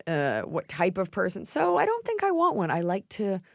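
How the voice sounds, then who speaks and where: A woman's voice: mid-range voice, huge pitch swings, moderate pace, creaky, dry recording. Playful woman podcast host, dry studio sound. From United States. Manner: playful, puts on accents mid-sentence. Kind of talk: casual chat.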